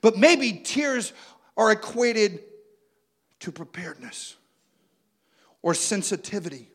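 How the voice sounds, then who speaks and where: A man, preaching a sermon that swings between loud urging and quiet, intimate passages. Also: high voice, lively intonation, takes it slowly. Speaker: pastor.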